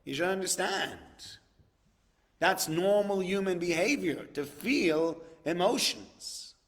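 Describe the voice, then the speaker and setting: A man's voice: on the high side, long reverb tail. A man, a rabbi, giving a conversational sermon, acting out dialogues and repeating words for emphasis.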